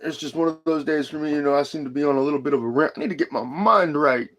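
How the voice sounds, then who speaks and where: A man ranting profanely on a casual livestream as its host, high-strung and talking straight to his chat. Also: fast talker, fairly bright tone.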